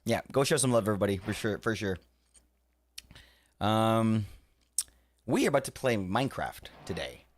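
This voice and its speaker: Excitable low-voiced male streamer. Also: normal speed, pauses often, dry recording, studio quality. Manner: laughs often, swears, excitable outbursts. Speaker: livestreamer. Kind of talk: casual live-stream chat.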